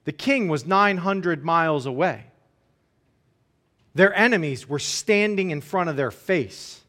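A man's voice: fairly high pitch, expressive, a little slow, a bit bright. A man preaching a sermon, speaking conversationally and often checking in with "right?", now and then briefly acting out the enemies' jeering words. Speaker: pastor.

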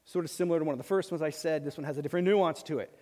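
High-voiced pastor preaching in a hall. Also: male voice, racing. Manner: emphatic, swings between loud bursts and quiet asides. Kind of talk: sermon. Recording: long reverb of a large hall.

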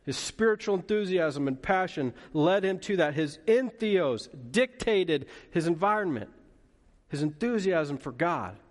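A man preaching a sermon as pastor, lively and playful, with asides to the congregation. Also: high voice, unhurried, in a large hall. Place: church hall.

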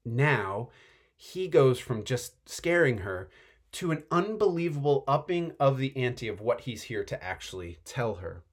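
Excitable pastor guy, chatty sermon, lots of "like", voice jumps all over. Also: mid-range voice, unhurried. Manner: animated, chatty, excitable, uses filler "like". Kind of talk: conversational sermon.

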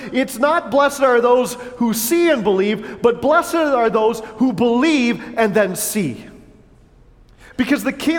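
A man preaches with a strikingly high voice, earnest and questioning, slipping into the voices of the people he quotes. His words ring out with a long reverb through a church hall. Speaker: pastor. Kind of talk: sermon.

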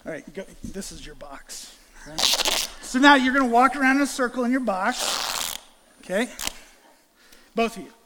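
A man preaching a sermon and acting out a lively illustration with volunteers on stage, calling out playful greetings. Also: extremely high pitch, moderate pace, long pauses, long reverb tail, very noisy. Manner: animated, acts out greetings with volunteers. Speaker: guest preacher. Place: church sanctuary.

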